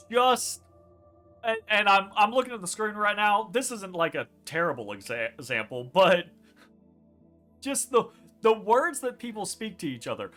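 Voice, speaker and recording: Animated, bright-voiced woman gamer. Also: medium pitch. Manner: emphatic, animated, swears freely. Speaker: let's play co-host. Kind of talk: casual chat over gameplay.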